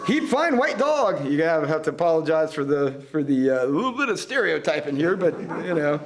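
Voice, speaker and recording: A man on a discussion panel, retelling a story and reading passages aloud with animated delivery. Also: a little high, a little fast, slight background noise. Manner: animated, chuckling between readings.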